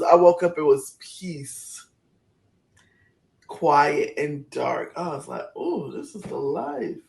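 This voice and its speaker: With a low, slightly mellow voice, a woman co-hosts a podcast, chatting casually among friends. She tells a rambling story and laughs often along the way.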